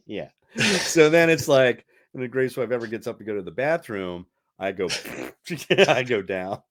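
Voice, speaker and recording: A man's voice: medium pitch, moderate pace. A middle-aged man hosting a casual podcast, chatty and rambling, laughing often and restarting his sentences. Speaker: radio host.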